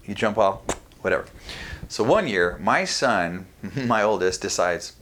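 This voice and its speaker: A middle-aged man from California, swearing freely as he tells stories. He is animated and talks casually on a podcast. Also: lowish voice, unhurried, slight background noise. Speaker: podcast guest. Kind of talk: casual storytelling chat.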